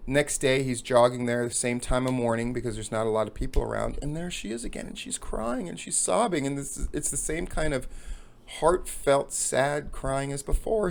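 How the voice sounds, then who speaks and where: A man hosting a talk, telling a long joke as an animated storyteller who acts out the characters. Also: mid-range voice, a little fast, gravelly. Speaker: podcast host.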